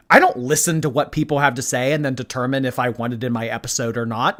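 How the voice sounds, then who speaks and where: A woman's voice: rumbling low, lively intonation, fast, few pauses, fairly bright tone. A woman hosting a reaction commentary, talking sarcastically, swearing and mocking in an innocent tone. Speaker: commentary host.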